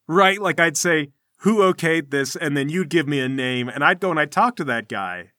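A man's voice: on the high side, animated, moderate pace, bright, forceful tone, dry recording, studio quality. Man playing Chip Dougal, fake-jovial brute. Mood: mocking. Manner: smug, teasing, overbearing. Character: brash, fake-jovial male guild armsman.

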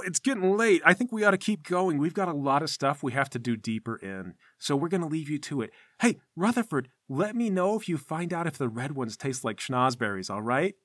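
A man's voice: medium pitch, pushed and bright, no echo, clean studio sound. A man voicing a brash, fake-jovial male guild armsman who talks down to people in a smug, teasing way.

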